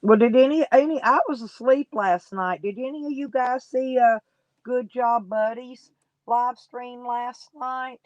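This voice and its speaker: A woman's voice: fairly high pitch, measured pace, a little mellow, no room sound, lo-fi sound. A woman streaming live, chatting casually with her viewers and gossiping about people in her chat in folksy, colloquial talk.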